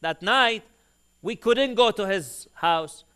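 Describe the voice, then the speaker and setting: Male preacher, fairly high voice, lively storytelling delivery with acted-out dialogue. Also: takes it slowly, clean tone. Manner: animated storyteller who acts out quoted dialogue. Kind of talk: storytelling sermon.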